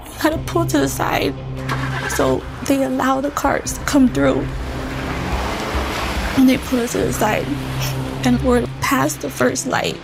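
A woman's voice: high voice, gravelly. A mother telling a tense story with urgency, acting out the voices in it. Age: adult, mother of children. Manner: breathless, urgent retelling that re-enacts quoted voices. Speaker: interviewee recounting events. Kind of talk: emotional first-person storytelling.

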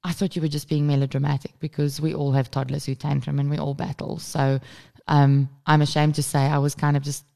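Animated storytelling woman, low voice. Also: a little fast, gravelly. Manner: animated storytelling, acts out screaming child, swears freely. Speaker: podcast co-host. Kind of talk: casual chat.

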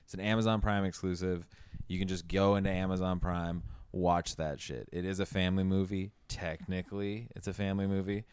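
A young man co-hosting a casual movie-review podcast, loud and profane, ranting freely between jokes. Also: deep voice, steady tone, a little fast, smooth, no room sound. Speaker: podcast co-host.

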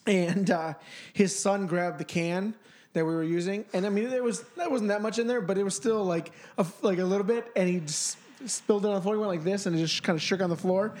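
High-pitched male podcast host; loose, teasing banter. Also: a little fast, darkish tone. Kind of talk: casual podcast chat.

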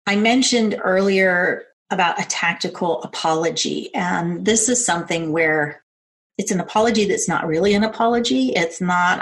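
A middle-aged woman giving a calm, earnest instructional talk on personal safety. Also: on the low side, moderate pace. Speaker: self-defense instructor.

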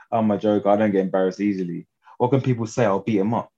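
A man's voice: lowish voice, steady tone, fast, dark tone, lo-fi sound. A young English man talking as a guest fighter in a casual interview, laid-back and slangy, often laughing.

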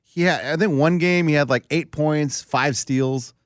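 A man co-hosting a casual sports talk show, telling animated stories and acting out other people's voices. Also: on the high side, measured pace, dry recording, clean studio sound. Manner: animated storyteller, acts out voices. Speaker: co-host.

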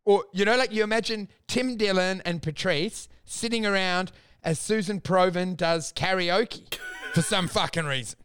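A man's voice: high voice, normal speed, fairly bright tone. A man telling comedy stories in casual podcast chat, profane and exasperated, acting out the people he quotes.

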